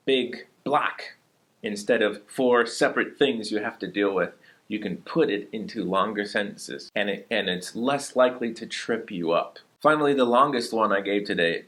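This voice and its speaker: A man teaching a language lesson at an ordinary middle pitch. He is patient and explanatory, slowing down to spell out sounds and repeating them for his learners. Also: a bit bright. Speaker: Chinese teacher.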